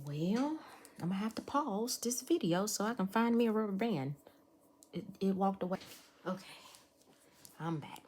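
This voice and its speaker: A woman's voice: mid-range voice, expressive, normal speed, long pauses, darkish tone, a little hiss or hum. A woman chatting casually to her viewers while unboxing nail supplies. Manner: chatty, talks to viewers as y'all. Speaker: nail art vlogger.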